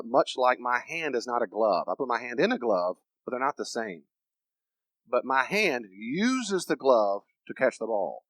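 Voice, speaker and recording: A man delivers a teaching lecture with a preacher's emphasis, often acting out the people he quotes. His pitch rises and falls in wide, animated swings. The sound is dry and close, with no room echo. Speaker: counselor and preacher.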